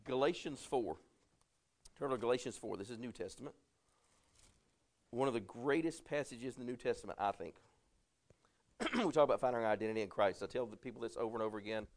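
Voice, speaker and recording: A man's voice: medium pitch, brisk, pauses often. A middle-aged man, a pastor preaching a conversational sermon and often checking in with "right?".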